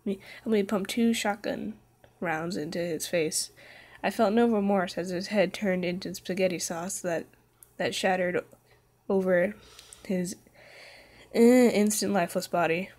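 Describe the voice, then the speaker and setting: A woman's voice: medium pitch, fairly even intonation, unhurried, a little mellow. Tired young woman, casual stream reader, stumbles and self-corrects, jokey. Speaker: reader of fan fiction. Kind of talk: casual read-aloud livestream.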